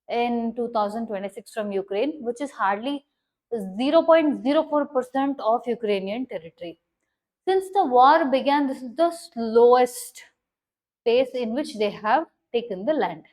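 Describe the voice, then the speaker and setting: A woman's voice: on the high side, expressive, unhurried, darkish tone, low-quality recording. A woman explaining current affairs as a teacher, stressing key words and often checking if listeners follow.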